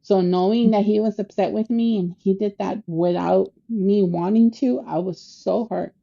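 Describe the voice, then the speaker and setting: A woman casually telling family stories on a podcast, animated and acting out the people she quotes, with Spanish words mixed in. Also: mid-range voice, moderate pace, gravelly, muffled recording. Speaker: podcast co-host sharing family memories. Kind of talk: casual storytelling.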